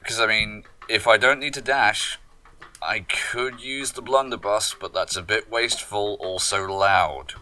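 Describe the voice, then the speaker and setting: A man's voice: fairly low pitch, a little slow, pushed and bright. A man playing a tabletop game, thinking his moves through aloud with many fillers. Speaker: player.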